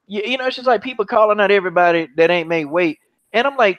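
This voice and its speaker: A high-voiced man rants on a podcast, mocking and repetitive, swearing freely. The audio is dull and lo-fi. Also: fast talker. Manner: animated, mocking, repeats himself, swears freely. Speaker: podcast host. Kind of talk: heated casual MMA chat.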